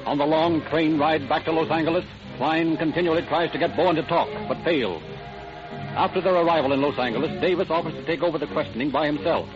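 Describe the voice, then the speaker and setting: Man, 1940s radio drama narration, measured, formal, music behind, lo-fi. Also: fairly high pitch. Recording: muffled old radio broadcast.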